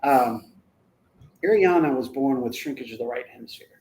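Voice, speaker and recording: A man in his forties telling a personal family story as a parent on a talk show, earnest and emphatic, breaking into louder, higher bursts at key moments. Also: moderate pace, rough recording. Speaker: parent of the guest.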